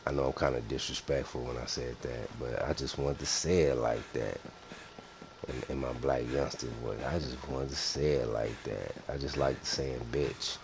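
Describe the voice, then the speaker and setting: With a very deep voice and a little hiss or hum on the audio, this gaming streamer in his thirties chats casually with viewers as he plays. He speaks at a moderate pace in fairly even tones, swearing, teasing and trash-talking.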